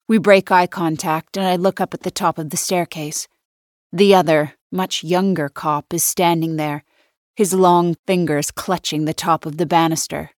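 Woman narrator, first-person thriller read, low voice, wry and measured, dry close mic. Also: dry recording. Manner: wry, measured inner monologue. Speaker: audiobook narrator.

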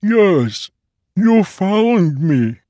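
A man's voice: high voice, sing-song, very slow, dark tone, no echo, pitched above the performer's own voice, heavily acted. A man putting on a chirpy, childlike talking sword. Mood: eager. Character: cheerful naive talking sword, eager to fight. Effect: distorted, underwater-sounding. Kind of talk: audiobook character voice.

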